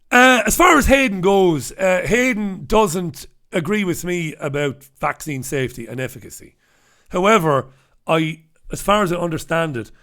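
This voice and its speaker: A man's voice: sits high, fairly bright tone. Chatty, irreverent man. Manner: chatty and irreverent, swears, laughs at own jokes. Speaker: host. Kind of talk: casual newspaper review monologue.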